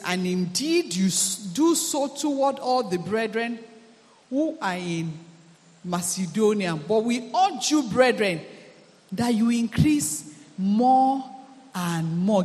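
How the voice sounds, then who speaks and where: A male pastor with a high voice delivers an emphatic sermon, piling phrases into rhythmic, repeated lists. His voice rings through a church hall with a long reverberant tail. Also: animated, unhurried. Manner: emphatic preaching with repetitive, building cadence.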